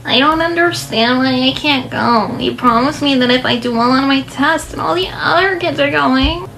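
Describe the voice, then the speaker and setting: A woman doing a high, whiny little girl. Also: normal speed, gravelly, sharp tone, slight background noise, heavily acted, low-quality recording. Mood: pleading. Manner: whiny, pleading. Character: young girl, pleading and sulky.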